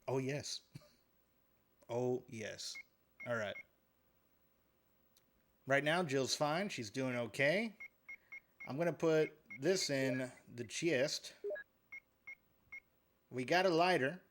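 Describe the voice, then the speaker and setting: A man's voice: medium pitch, takes it slowly, long pauses, a bit bright, a little hiss or hum. A man giving live gameplay commentary as a streamer, joking and chatting with his viewers while he plays.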